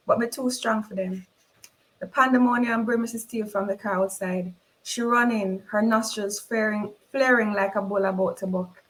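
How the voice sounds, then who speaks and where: A woman's voice: a little high, poor audio. Woman reading fiction in a Jamaican accent. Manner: expressive, voices the characters in dialogue. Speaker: reader. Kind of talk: dramatic novel reading.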